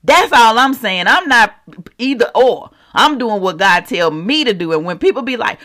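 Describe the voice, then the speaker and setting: A preacher teaching scripture in a casual, animated way, reading verses and turning to the listeners with quick asides. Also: medium pitch. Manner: animated, talks straight to the audience with asides; slangy and conversational while quoting scripture. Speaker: Bible teacher.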